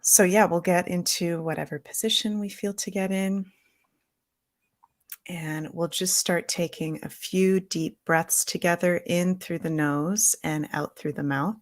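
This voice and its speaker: Woman, lower voice, earnest tone, slow soothing guided meditation, video call. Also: steady tone, no room sound. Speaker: spiritual guest. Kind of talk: guided visualization.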